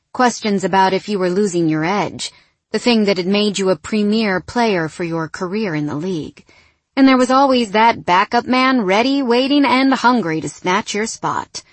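Expressive woman audiobook narrator, dry. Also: mid-range voice, no echo. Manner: expressive, dramatic pauses.

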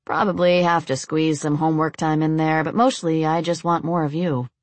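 A woman's voice: sits low, flat delivery, moderate pace, no echo, lightly acted. A woman reading as an easygoing young man. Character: young man, relaxed and teasing.

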